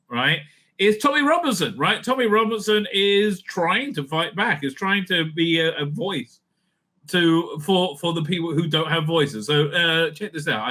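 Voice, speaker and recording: A man hosting political commentary, talking in a halting way with many fillers and restarts, sarcastic and indignant in tone. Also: a little high, sharp tone. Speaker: host.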